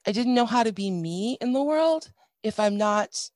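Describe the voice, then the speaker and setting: A middle-aged woman telling a painful personal story in a candid, halting way, with many restarts and dry, wry asides. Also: on the high side, lively intonation, darkish tone, no room sound. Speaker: guest sharing a personal story.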